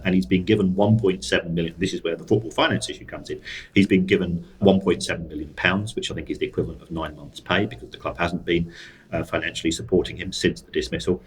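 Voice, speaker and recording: A man's voice: low-pitched, breathy edge, poor audio. A man co-hosting a podcast, explaining football finance in a casual, dry and wry way. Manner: dry, wry asides, frequent restarts. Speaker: co-host, football finance expert.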